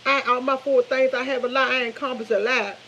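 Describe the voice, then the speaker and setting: A woman's voice: high-pitched, quick pace, lo-fi sound, a little hiss or hum. Fifty-something woman, casual storyteller cooking in her kitchen, faint sizzle behind. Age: 50s. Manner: chatty, animated storytelling with laughs, addresses viewers as y'all. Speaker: vlogger. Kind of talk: casual chat. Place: home kitchen while cooking.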